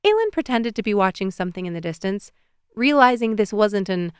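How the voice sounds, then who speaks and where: A woman reading a romance novel aloud as an audiobook narrator, even and measured. Her voice is smooth and resonant at a middle pitch. It is recorded close and dry, with no room sound. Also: no echo.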